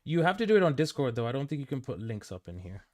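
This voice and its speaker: A man from Kenya hosts a relaxed live stream from his music studio. He chats loosely with his viewers and calls them by name, and his voice sits at an ordinary middle pitch. He keeps dropping "like" and "dude" between thoughts. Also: quick pace. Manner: chatty, talks to chat by name, lots of "like" and "dude". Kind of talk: casual live-stream chat.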